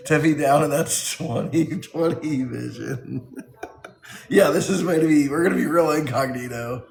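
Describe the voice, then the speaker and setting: A man's voice: on the high side, slow, gravelly, darkish tone, roomy sound. A man on a casual live stream who laughs often while reading his chat aloud and riffing on its jokes.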